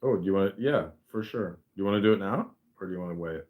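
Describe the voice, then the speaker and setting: A man's voice: deep voice, fast talker, phone-quality sound. A man hosting a podcast, chatting casually with rambling, encouraging talk full of fillers. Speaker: podcast host. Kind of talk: casual chat.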